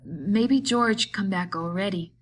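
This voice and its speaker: A woman's voice: medium pitch, slight background noise, lightly acted. A woman doing a frightened, simple-minded big man. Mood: insistent. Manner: pleading, halting, repetitive speech.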